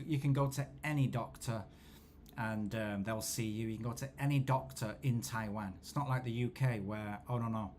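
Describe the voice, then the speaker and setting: A man, host of a football watchalong, telling rambling, self-deprecating stories in a low-key casual chat. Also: darkish tone, a little hiss or hum. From England.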